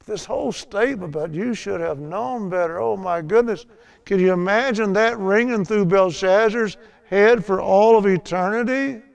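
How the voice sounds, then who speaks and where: Older man, gravelly voice, folksy Bible lesson, chatty storyteller. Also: high-pitched, moderate pace. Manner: chatty storytelling, laughs at his own tales. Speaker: Bible teacher.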